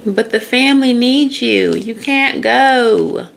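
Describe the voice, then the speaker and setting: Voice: medium pitch, a little slow, gravelly, voice pushed up. A tarot reader putting on a guilt-tripping family member with a country accent, pleading with someone not to leave.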